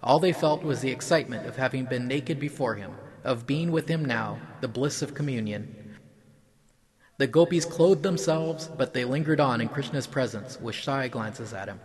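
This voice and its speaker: A man reading a mythological story aloud in an even, measured storytelling voice. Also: mid-range voice.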